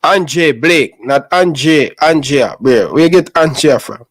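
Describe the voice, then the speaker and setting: Brief: man host, easygoing and teasing, slightly high voice, dry close sound. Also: expressive, slow pace, dry recording, low-quality recording. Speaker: podcast host. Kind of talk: casual chat.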